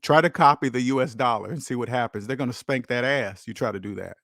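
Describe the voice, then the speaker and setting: A man's voice: mid-range voice, fast, creaky, a bit bright, no echo, clean studio sound. A man hosting a finance channel, talking casually and preachily about money and debt, acting out the voices of people he quotes.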